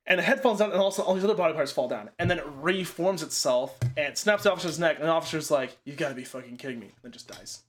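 A man with a voice a bit higher than most men's talks loosely through a horror film plot. He rambles, fills his sentences with "like" and swears casually. It is relaxed, unscripted chat between friends. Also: quick pace, hardly any pauses, a little hiss or hum.

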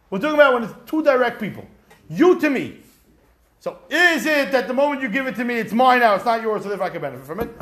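A man teaching a Talmud study class, animated and rhetorical, acting out examples as he explains. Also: very high-pitched. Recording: echoey room.

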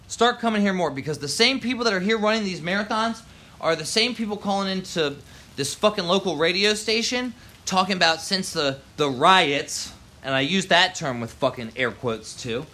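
A man's voice: on the high side, lively intonation, unhurried, bright, forceful tone. Angry swearing man ranting. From Baltimore, USA. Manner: heated, swearing, slangy. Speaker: local resident ranting. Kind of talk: angry profane rant.

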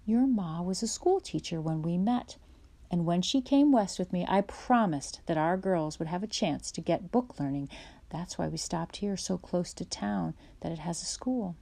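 A woman voicing a kindly, patient pioneer father who talks in a steady, reassuring way. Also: fairly low pitch, moderate pace, gravelly.

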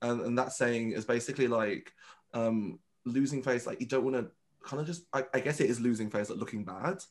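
Campy drag performer, chatty. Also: male voice, medium pitch, brisk. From United Kingdom. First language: Vietnamese. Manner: animated, campy storyteller who acts out quotes. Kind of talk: casual interview chat.

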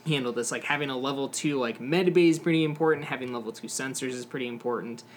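Talking fast in a medium pitch against slight background noise, a young man co-hosts a podcast. He rambles casually about a video game, with lots of fillers and cursing.

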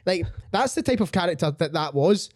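A man's voice: sits high, expressive, a little fast, no room sound, studio quality. A man hosting a podcast, ranting bluntly with plenty of swearing in casual chat. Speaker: podcast host.

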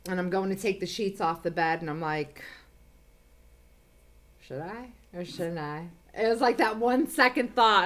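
Animated storytelling woman with lively pitch. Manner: animated storyteller, acts out quotes loudly. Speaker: podcast co-host. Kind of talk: casual chat.

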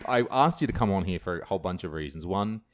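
An Australian man hosts a relaxed podcast conversation, his voice sitting a little low. He talks in a loose, joking and teasing way. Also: fast talker. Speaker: podcast host. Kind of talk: casual chat.

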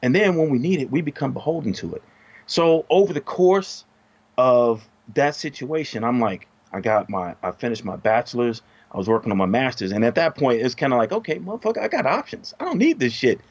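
A middle-aged man telling a story in casual podcast chat, profane and animated, his voice jumping up when he gets heated. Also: medium pitch, brisk, dry recording, highs cut off. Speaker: podcast co-host.

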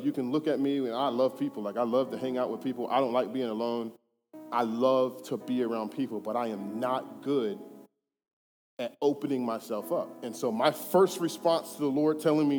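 A man's voice: medium pitch, a little fast, pauses often, a little mellow. A young man preaching a sermon in a church, candid and conversational, building to fervent passages. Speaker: guest preacher. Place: church sanctuary. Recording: hall reverb, faint music.

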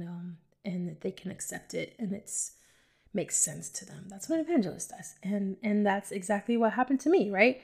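A woman's voice: medium pitch, creaky, darkish tone. A woman with a mid-range voice hosts a podcast and tells her own testimony of faith. She speaks emotionally and rambles, turning often to her listeners, and at times she drops to a near whisper. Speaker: podcast host. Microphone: audio-only home recording.

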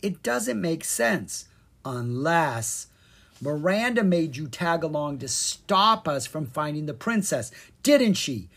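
A brave young girl in a storybook, firm and urgent in how she speaks, as a narrator puts her on. Her pitch jumps lively up and down. There is a husky, breathy edge to the voice. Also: takes it slowly, full character voice. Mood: puzzling. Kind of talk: storybook reading.

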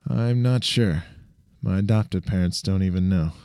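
Man reading as a low, calm young hero, matter-of-fact, dark tone. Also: measured pace, smooth, no room sound, clean studio sound.

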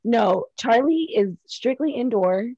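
A woman's voice: a little high, takes it slowly, breathy edge, no room sound, highs cut off. A woman of Mexican heritage co-hosting a podcast, chatting candidly and with profanity. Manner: candid, profane, animated storytelling. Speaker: podcast co-host. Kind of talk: casual chat.

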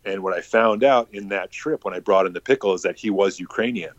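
A man's voice: low voice, a little fast, no echo, dull audio. A man telling a casual, rambling story full of swearing and filler words.

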